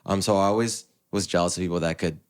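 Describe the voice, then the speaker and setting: Deep-voiced man, relaxed guest. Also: fast talker, clean tone. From United States. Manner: relaxed, rambling with restarts. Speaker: podcast guest. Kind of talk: casual interview chat.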